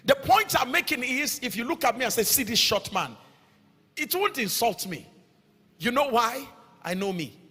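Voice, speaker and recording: A man with a Nigerian accent preaching a fervent sermon. He calls out to the congregation, his voice rising into sing-song lines and sudden shouts. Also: very high-pitched, lively intonation, normal speed, slightly rough. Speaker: pastor. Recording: echoey hall with faint music.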